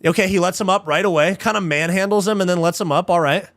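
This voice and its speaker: A young man with a slightly higher voice hosts a live fight watch-along, fired up and frustrated by the action. He swears freely and keeps saying dude and bro. The sound is dry and close, with no room around it. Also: quick pace, a bit bright, dry recording. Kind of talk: casual live commentary.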